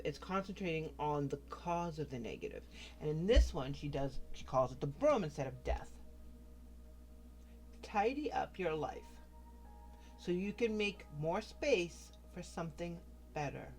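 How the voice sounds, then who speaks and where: Frank, chatty tarot reader with faint music. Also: mid-range voice. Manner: chatty, frank, swears freely, addresses the viewer directly. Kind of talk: casual tarot card reading to camera.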